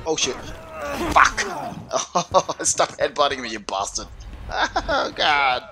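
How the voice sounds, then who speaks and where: A man's voice: a little high, wildly swooping pitch, slow, vocal fry, noisy background. A man playing a horror game and commenting live, swearing constantly and yelping in panic. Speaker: let's play gamer.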